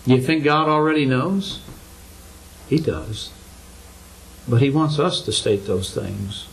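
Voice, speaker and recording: A man's voice: mid-range voice, lively intonation, slow, creaky, rough recording. An older man preaching a sermon to his congregation, earnest and full of rhetorical questions, his voice climbing for emphasis.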